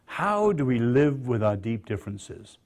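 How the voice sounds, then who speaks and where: A man with an English accent giving a public lecture, measured and dryly witty, leaning on key phrases. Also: medium pitch, big pitch swings, a little mellow. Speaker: guest lecturer.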